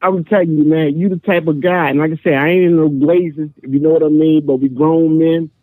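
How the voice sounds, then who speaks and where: A man's voice: a little high, fairly even intonation, fairly quick, dry recording. A man from the US East Coast calling in to a live show, chatty and friendly, repeating "man" a lot. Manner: chatty, repeats "man" and "you know what I mean". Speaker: caller. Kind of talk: phone-in chat. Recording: tinny phone line.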